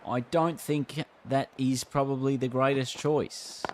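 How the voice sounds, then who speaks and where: A man's voice: medium pitch, steady tone, a little slow, a little hiss or hum. An Australian man chatting casually on a live stream, reacting to a game and reading chat aloud. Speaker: gaming streamer.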